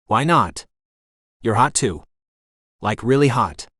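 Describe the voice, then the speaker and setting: A man's voice: medium pitch, expressive, takes it slowly, fairly bright tone, slightly rough, no room sound, studio quality, heavily acted. A man voicing a nervous, awkward young man of about twenty in an audiobook, stammering as he talks. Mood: eager. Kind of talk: audiobook character reading.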